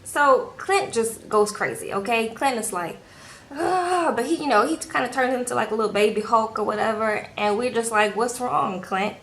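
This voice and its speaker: A woman's voice: fairly high pitch, a little fast, hardly any pauses, a bit bright, slight background noise, poor audio. Chatty woman vlogger recapping a show. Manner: chatty, lots of fillers, talks straight to viewers. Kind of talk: casual TV recap. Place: indoor room at home.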